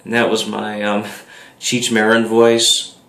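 A man's voice: fairly low pitch, monotone, takes it slowly, gravelly, fairly bright tone. A man casually introducing his own video, hesitant and full of ums. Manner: hesitant, many ums and restarts. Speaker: video creator. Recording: echoey room.

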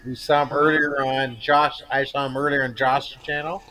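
Bright-voiced male stream host. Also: mid-range voice, flat delivery, normal speed, a little hiss or hum, poor audio. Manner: friendly, laughs often, trails off. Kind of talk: casual chat.

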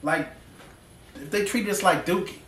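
A male pastor preaching a folksy, animated sermon full of slang, drawing responses from the congregation. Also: high-pitched, moderate pace. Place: church sanctuary. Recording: echoey church room, mic at a distance.

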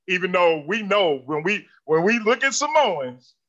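A man's voice: high voice, lively intonation, normal speed, hardly any pauses, sharp tone. A man hosting a casual conversation, agreeing emphatically and adding his own points. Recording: dull lo-fi sound.

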